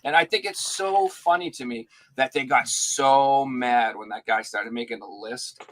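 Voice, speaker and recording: A man's voice: medium pitch, a little slow, fairly bright tone, low-quality recording. A man co-hosting a podcast in casual, profane, opinionated chat. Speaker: podcast co-host.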